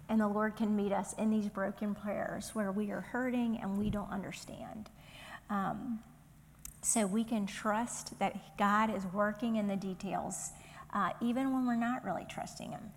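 A woman with a Southern US accent teaches a Bible study in an earnest, conversational way, reading passages aloud between her thoughts. Her voice sits at a middle pitch and carries a long hall reverb. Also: a little hiss or hum.

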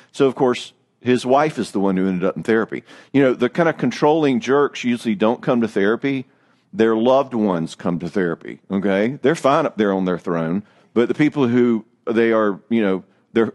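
A man, a therapist giving a lively, joking talk on marriage with some self-mockery. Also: mid-range voice.

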